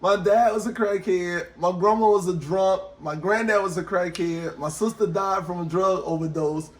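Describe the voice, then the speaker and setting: A man in a casual podcast chat, animated and swearing, who often acts out other people's voices. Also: high-pitched, moderate pace. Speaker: podcast co-host.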